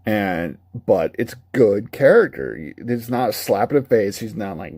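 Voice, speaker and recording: A man's voice: lowish voice, very animated, a little slow, a little mellow, no room sound. A man giving a casual, rambling, candid spoken review of a video game. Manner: rambling, candid, laughs at his own retellings.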